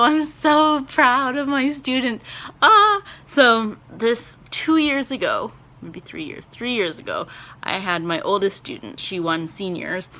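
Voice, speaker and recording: Bright-voiced chatty woman vlogger. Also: medium pitch. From Canada. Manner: chatty and excitable, rambling with many fillers. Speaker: vlogger and performance teacher. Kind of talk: casual vlog chat.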